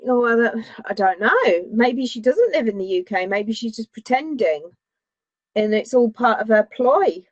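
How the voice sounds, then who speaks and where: Northern english woman, bit high voice, dry jokey comments, dead dry lo-fi sound. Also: sing-song, moderate pace, no echo. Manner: dry, wry remarks. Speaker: podcast co-host. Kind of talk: casual chat.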